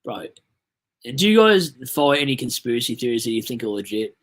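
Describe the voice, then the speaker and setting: Here the same chatty Australian streamer, young and rambling, reads out his chat in a medium-pitched voice. He sounds very animated and talks a little fast.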